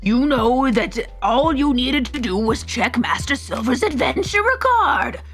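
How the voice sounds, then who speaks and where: A woman's voice: high-pitched, expressive, a little slow, a bit bright, faint music behind, pitched above the performer's own voice. A woman voicing a stern old male duke in a put-on mock British accent that drifts toward Scottish and Irish, haughty and stiffly formal. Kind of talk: live manga reading with voices.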